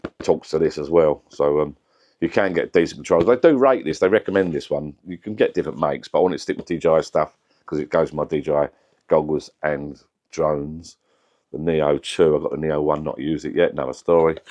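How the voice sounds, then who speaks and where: A middle-aged man with a deep voice, chatting casually and rambling to camera in his home vlog. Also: darkish tone. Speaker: vlogger.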